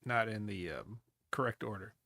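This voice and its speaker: A man's voice: on the low side, moderate pace, gravelly, bright, forceful tone, dry recording, studio quality. Laid-back man co-hosting a wrestling chat. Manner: laid-back, wry, recalls old matches. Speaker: podcast co-host. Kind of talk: casual wrestling review chat.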